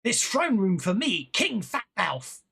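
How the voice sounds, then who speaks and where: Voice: medium pitch, very animated, slow, creaky, slightly rough, voice pushed up, full character voice. A game master doing King Fatmouth, a pushy goblin king. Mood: demanding. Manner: broken pidgin speech, loud and demanding. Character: bossy goblin king, male, squabbling court.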